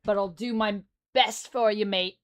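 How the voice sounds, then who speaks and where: A young woman streams and chats with viewers, working hard at an Australian accent as she thanks them one by one. She talks at an unhurried pace, her voice smooth and resonant. The sound is dry and close. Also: mid-range voice, steady tone, dry recording. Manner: attempting a put-on Australian accent; warm, earnest thanks to viewers. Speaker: live streamer. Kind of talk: casual live-stream chat.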